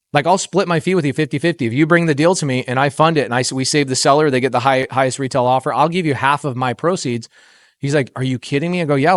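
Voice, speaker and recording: A middle-aged man speaking from a stage at a real estate summit, an animated storyteller who acts out the dialogue in his tales and keeps quizzing the crowd. His voice sits at an ordinary male pitch, and the recording is dry and close, with little room sound. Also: dry recording. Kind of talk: motivational stage talk with told stories.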